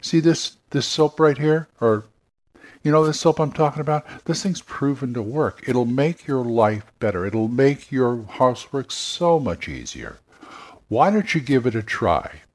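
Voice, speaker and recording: A man imitating a folksy old-time radio host who pitches soap in a low, easygoing voice, as if to one friend. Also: expressive, unhurried, close to an everyday voice. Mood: chummy. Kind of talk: radio commercial impression.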